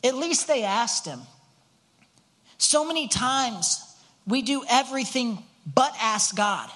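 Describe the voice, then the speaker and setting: With an extremely high, sharp voice and lively intonation, a man preaches slowly to his congregation on a Sunday morning. His sermon is earnest and conversational, full of rhetorical questions, frequent restarts, and repeated words.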